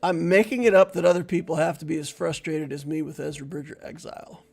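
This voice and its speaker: A man's voice: on the high side, steady tone, fast, creaky, faint music behind. A man giving casual live-stream commentary on a game, chatting playfully with viewers and laughing easily. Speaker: gaming streamer.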